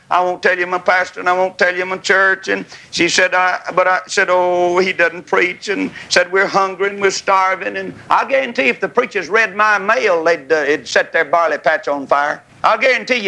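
A man preaching a revival sermon in a tent, folksy and fiery, rising to shouts, with a congregation calling back amens. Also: high voice, rough recording. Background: congregation calling amen.

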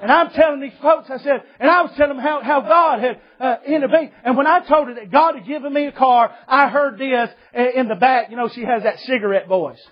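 A man's voice: extremely high pitch, a little fast, few pauses, dull audio. A man, preaching a folksy, joking sermon to a church congregation and calling his listeners brother. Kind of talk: humorous storytelling sermon. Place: church service.

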